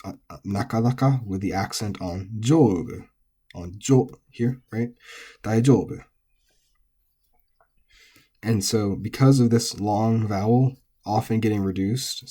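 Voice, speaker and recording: A man with a low, mellow voice and a slightly husky edge. He teaches methodically and patiently. He repeats example words slowly so learners can hear them. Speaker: language teacher. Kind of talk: explaining Japanese pitch accent.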